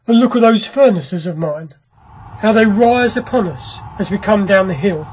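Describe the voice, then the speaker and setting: A narrator voicing a brisk, commanding ironworks owner. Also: medium pitch, expressive, darkish tone, slight background noise, natural voice. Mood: eager. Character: ironworks owner, a grim restless man. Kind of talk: audiobook character reading.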